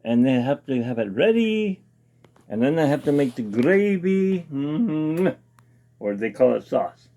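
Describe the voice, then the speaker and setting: Very animated but speaking at a measured pace, this man has a mellow voice on the high side. He runs a relaxed home-kitchen cooking show of his own, reading package instructions aloud and commenting as he chats.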